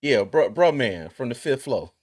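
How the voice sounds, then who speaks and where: A man hosting a casual sports talk livestream, animated and laughing as he reads out viewer comments. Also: mid-range voice, normal speed. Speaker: podcast host. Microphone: streaming mic.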